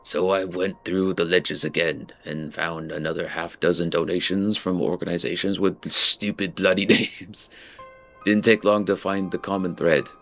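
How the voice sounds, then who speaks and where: A man voicing a gruff female sea captain in a rough pirate-style brogue, reading game dialogue aloud. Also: extremely low pitch, steady tone, normal speed, fairly bright tone, soft background music. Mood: grim.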